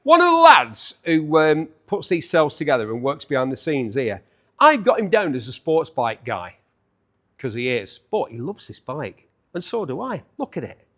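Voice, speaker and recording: A man's voice: on the high side, wildly swooping pitch, moderate pace, a bit bright. Jokey man presenting an auction preview. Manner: jokey, teasing asides to the camera operator. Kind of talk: casual presenting to camera.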